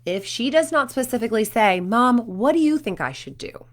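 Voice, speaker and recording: A woman's voice: on the high side, moderate pace. A woman in her thirties, a performance coach, talking to parents and telling stories with acted quotes. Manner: animated storytelling with acted quotes.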